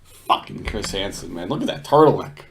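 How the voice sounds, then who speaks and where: A man's voice: on the low side, lively intonation, a little fast, gravelly, a bit bright, slight background noise. A man giving casual, crude commentary on a video, laughing often and swearing. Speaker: commentator reacting to a clip.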